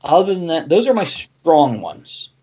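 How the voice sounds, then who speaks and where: A man hosting a casual livestream chat, jokey and quick, laughing often. His recording is dull and lo-fi. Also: a little high, big pitch swings, warm tone, slightly rough. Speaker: host.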